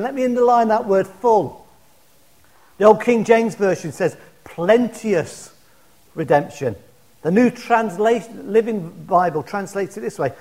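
A man with a high voice preaching a sermon. He swings between loud, ringing declarations and soft, hushed appeals, and slows right down to lean on key words. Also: expressive.

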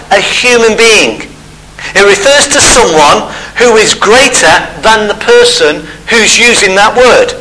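Bright high-voiced preacher. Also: male voice, slight background noise, low-quality recording. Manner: conversational, explaining step by step. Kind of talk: sermon.

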